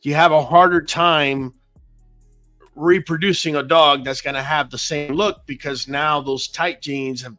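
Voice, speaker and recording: Podcast host, male, bright higher voice, casual with fillers. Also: fairly even intonation, a little slow, faint music behind. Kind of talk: casual interview.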